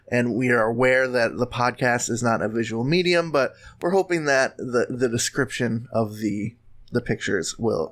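A man's voice: medium pitch, a bit bright. A man co-hosting a podcast, chatting casually and joking, laughing often and restarting his sentences. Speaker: podcast co-host. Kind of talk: casual comedic chat.

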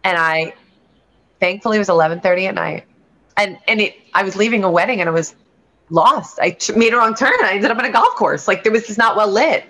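A woman's voice: mid-range voice, fairly quick, a bit bright. A woman, a realtor and guest on a show, telling a candid personal story in an earnest, rambling way with frequent restarts. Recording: lo-fi dull sound.

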